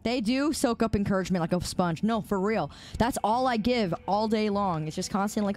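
A woman's voice: mid-range voice, moderate pace, darkish tone, soft background music. A young woman streaming a shooter game, chatting casually with her viewers, greeting them by name and laughing often. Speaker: live streamer. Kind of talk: casual live-stream chat while gaming. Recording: noisy with clicking behind the voice.

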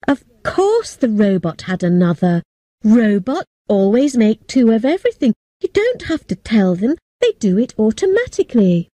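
A woman narrating a story for English learners in a plain, steady, clearly paced reading. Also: fairly high pitch, moderate pace, no room sound.

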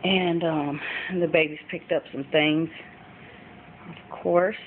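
Her voice sits low and steady, and she speaks slowly as she chats casually through a thrift haul, often saying um. She's a mom vlogging from home, and the lo-fi, phone-style recording carries a faint hum of background noise in this easygoing show-and-tell.

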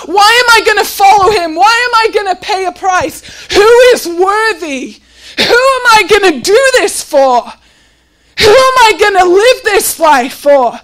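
A woman with a very high voice preaching a heartfelt sermon. She pushes her voice up to near shouting and sounds close to tears as she presses question after question. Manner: impassioned, often near tears and raising her voice; repeats rhetorical questions.

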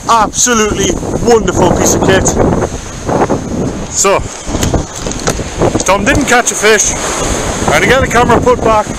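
A man with a high voice talks in a jokey, chatty way, as if filming himself out on an open beach. Loud wind batters the mic over his talk. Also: a little slow, long pauses. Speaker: angler vlogger. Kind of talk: casual outdoor vlog commentary. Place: open beach on a windy evening.

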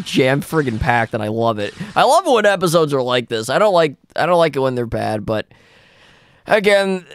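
A young man giving excited, swearing live commentary on computer fights, laughing often and tripping over his words. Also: a little high, no echo, studio quality. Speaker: gaming video host.

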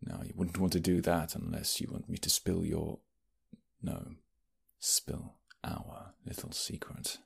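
A man's voice: deep voice, fairly even intonation, measured pace, gravelly, breathy edge, heavily acted. A man voicing a sly, smug British nobleman rival who taunts and threatens in an audio role-play.

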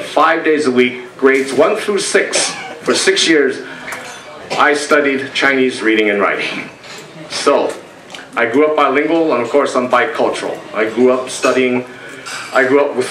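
An older American man giving a talk to a meeting. He tells stories, acts out quoted voices and pauses often. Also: medium pitch, fairly bright tone. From United States. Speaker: speaker presenting a talk. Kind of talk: lecture to a meeting. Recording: echoey room, from far off.

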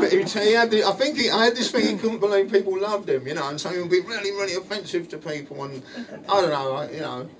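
High-voiced older Englishman telling stories. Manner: animated, laughing, halting restarts. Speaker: musician at a book signing. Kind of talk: anecdotal storytelling to an audience. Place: bookshop, indoors. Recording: distant mic with faint room noise.

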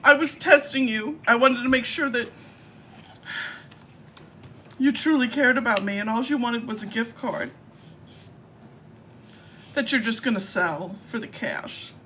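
A woman's voice: a little high, measured pace, long pauses, sharp tone, a little hiss or hum. A woman live-streaming while baiting a scammer, talking in a teasing, theatrical and playful way. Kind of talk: casual live-stream talk.

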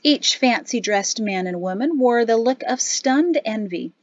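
A woman reading a novel aloud as audiobook narrator, with an even storytelling delivery. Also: on the high side, unhurried, dry recording, muffled recording. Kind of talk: scripted narration.

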